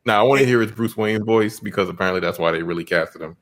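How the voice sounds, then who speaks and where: A man's voice: lowish voice, fast, a bit bright. A man co-hosting a podcast in casual chat, blunt and profane with laughing asides. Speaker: podcast co-host.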